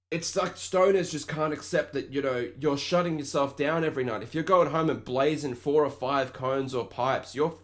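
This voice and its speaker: A man's voice: mid-range voice, fairly bright tone. A young Australian man hosting a podcast, telling a story in a rambling, profane rant and mocking the people he quotes. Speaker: podcast host. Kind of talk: casual ranting monologue.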